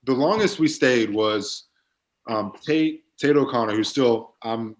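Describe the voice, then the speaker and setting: A football player in his twenties guests on a podcast, telling stories in a relaxed way peppered with fillers during casual chat. His voice is medium-pitched and a little slow.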